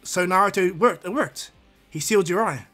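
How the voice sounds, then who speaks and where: A man's voice: a little high, normal speed, breathy edge, faint music behind. A man voicing an aloof teenage boy ninja who asks incredulous questions, in a fan story. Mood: curious.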